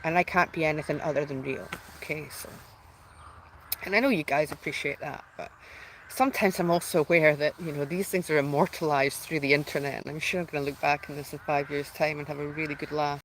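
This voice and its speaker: A woman's voice: low voice, fairly even intonation, fairly quick, slight background noise, poor audio. A woman hosting her own spiritual channel, talking in a heartfelt, rambling way full of restarts and fillers, close to tears at times. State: tearful at times. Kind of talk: emotional personal announcement.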